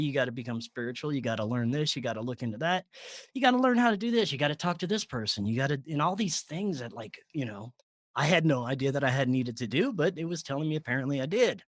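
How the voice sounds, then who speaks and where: A man guest on a podcast, telling a personal story in a casual, animated way, laughing often and filling with "like". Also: medium pitch, dry recording, studio quality.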